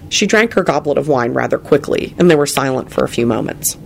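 A narrator giving an expressive storybook reading of a fantasy tale. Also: mid-range voice, a little fast, creaky, slight background noise.

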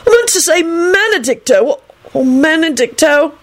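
A woman voicing a brash, hot-headed schoolboy wizard who shouts and argues. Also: fairly high pitch, big pitch swings, brisk, slightly rough, pitched above the performer's own voice. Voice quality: loud, obstinate.

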